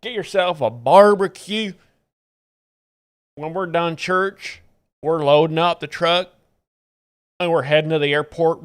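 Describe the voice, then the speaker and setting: A man's voice: on the high side, a bit bright, clean tone. A man putting on a boastful rich Texan ranch owner with a swaggering Texan drawl. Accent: Texan, put on.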